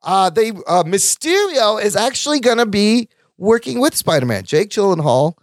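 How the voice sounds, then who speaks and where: Male podcast host, high lively voice, excitable, cursing often, dry close sound. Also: normal speed, no room sound. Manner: animated, excitable, swears freely. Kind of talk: casual chat.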